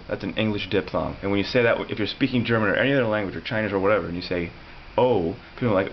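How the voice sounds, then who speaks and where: A language vlogger with a lowish voice talks casually to camera at a very fast clip, rambling through explanations and breaking off to correct and restart his sentences. The recording is dull and lo-fi, with a faint hiss beneath it.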